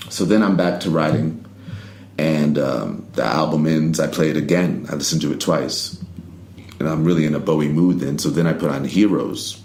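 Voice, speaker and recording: Very deep gravelly man, laid-back storytelling. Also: moderate pace, darkish tone. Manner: laid-back, rambling, lots of "you know" and "like". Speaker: interview guest, poet and rapper. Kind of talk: casual interview storytelling. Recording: roomy recording with faint ambience.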